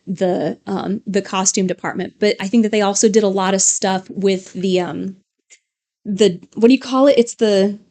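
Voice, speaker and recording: A woman's voice: medium pitch, fairly even intonation, normal speed, dark tone. A woman co-hosting a casual live stream from a home studio, rambling and chatty with frequent fillers and laughs. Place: home studio with LED lights.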